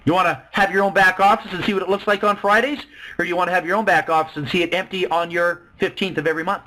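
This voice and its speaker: Upbeat male webinar presenter, high and bright, hard-selling. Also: quick pace, low-quality recording. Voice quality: excitable, salesy, acts out quoted voices. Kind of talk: sales pitch on a webinar.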